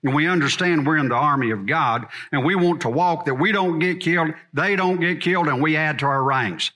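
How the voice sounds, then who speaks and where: A man's voice: on the high side, fairly quick, few pauses, pushed and bright. A middle-aged man teaching a church congregation in a blunt, folksy sermon style. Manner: folksy and blunt, drawling asides.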